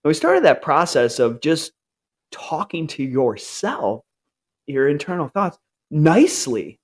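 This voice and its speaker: Animated man telling a candid personal story. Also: slow. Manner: earnest, animated, acts out upbeat self-talk in a higher voice.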